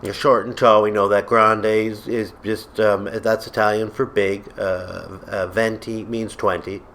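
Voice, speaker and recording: A man's voice: lowish voice, flat delivery, measured pace, fairly bright tone, a little hiss or hum. A man delivering a comedic, exasperated rant to camera as a vlogger, sarcastic throughout. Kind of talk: comedic ranting monologue. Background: faint background music.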